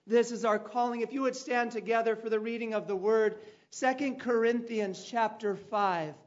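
A man preaching a sermon, telling a personal story with dramatic turns and loud calls. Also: very high-pitched, fairly even intonation, moderate pace, dull audio. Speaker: pastor.

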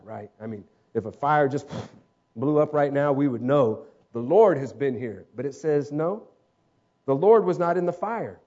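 A man preaching a sermon, dramatic, acting out voices and swinging between loud calls and hushed lines. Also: a little high, animated, normal speed. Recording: dull lo-fi sound.

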